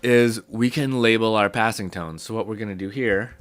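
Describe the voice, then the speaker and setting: A young man with a sick, hoarse voice, casually teaching a music theory lesson step by step. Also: on the low side, moderate pace, dry recording. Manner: relaxed, explaining step by step with fillers.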